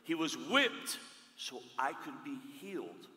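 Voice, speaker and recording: A man preaching a sermon, emphatic, swinging from loud declarations to hushed words, recorded in a church hall. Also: a little high, big pitch swings, slow pace. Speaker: pastor. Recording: echoey hall with long reverb.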